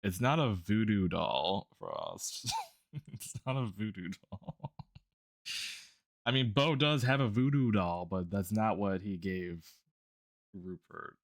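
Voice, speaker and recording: Low-voiced guy rambling on stream while he draws, lots of ums and laughs, dry room. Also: lively intonation, takes it slowly, gravelly, pauses often, dry recording. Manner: rambling, laughs often, many fillers and restarts. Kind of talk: casual chat while drawing.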